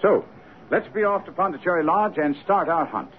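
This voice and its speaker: Sherlock Holmes, brisk and commanding. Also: male voice, sits high, animated, faint music behind. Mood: dry, confident. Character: brisk, commanding male detective, middle-aged. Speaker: detective. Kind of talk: 1970s radio drama acting. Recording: tinny lo-fi radio broadcast with faint hiss.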